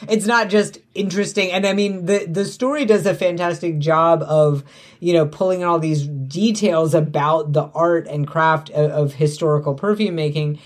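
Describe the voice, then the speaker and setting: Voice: medium pitch, steady tone, moderate pace. A speaker in casual conversation, explaining a story's plot and structure fluently. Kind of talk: casual movie discussion.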